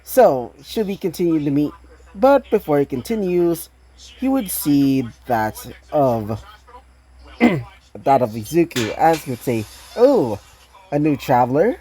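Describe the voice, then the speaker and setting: Low, rambling woman telling a fan story. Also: expressive, takes it slowly, dark tone. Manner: rambling, many fillers, laughs at own slips. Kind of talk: casual fan-fiction story reading.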